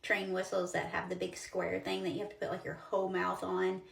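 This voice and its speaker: A woman's voice: lowish voice, monotone, fairly quick, gravelly, slightly rough, no room sound. A woman in her forties telling a personal story in a chatty, emotional way, with lots of fillers. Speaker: storyteller host.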